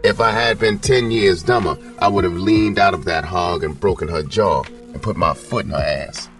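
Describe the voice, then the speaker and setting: A low-voiced man tells a gritty first-person story in a cold, hard-edged way. His voice sits far from the mic. Faint music plays underneath. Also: normal speed, fairly bright tone. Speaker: audiobook narrator.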